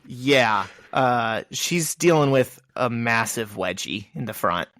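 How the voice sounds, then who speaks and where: Relaxed, rambling podcast co-host man. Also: mid-range voice, slow pace, no echo, clean studio sound. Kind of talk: casual chat.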